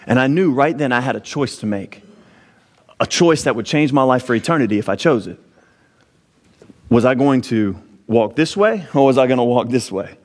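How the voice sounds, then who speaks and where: Casting: man, 30s, mid-pitched preacher sharing a heartfelt personal testimony, rising emphatic delivery. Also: lively intonation, fairly quick. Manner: earnest storytelling, pitch rising sharply when emphatic. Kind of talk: sermon testimony.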